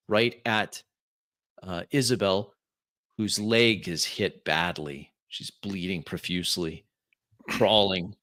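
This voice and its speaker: Bright-toned male game master. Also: fairly low pitch. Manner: measured, descriptive, with uh fillers. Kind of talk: narrating a tabletop game.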